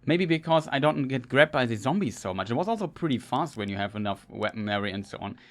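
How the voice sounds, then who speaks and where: A man's voice: mid-range voice, lively intonation, fast, a bit bright. A man doing gameplay commentary, ranting in frustration and stumbling over restarts as he plays. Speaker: gamer.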